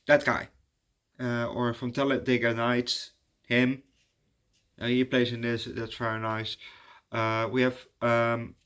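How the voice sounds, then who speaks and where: A man's voice: medium pitch, fairly bright tone. Rambling man reviewing a movie. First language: Dutch. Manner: rambling and hesitant, many fillers and restarts. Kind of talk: casual spoken movie review.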